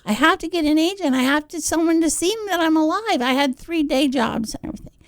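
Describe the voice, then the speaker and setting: A woman chatting as a guest on a radio interview, telling stories in an animated way and acting out the people in them. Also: high-pitched, fast talker, no echo. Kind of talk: casual storytelling chat.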